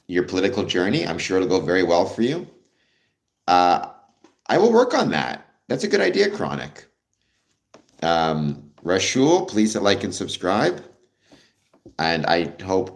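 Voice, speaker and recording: A Canadian man with a low voice hosts a livestream, chatting casually with viewers. He's friendly and rambling, with lots of "ums."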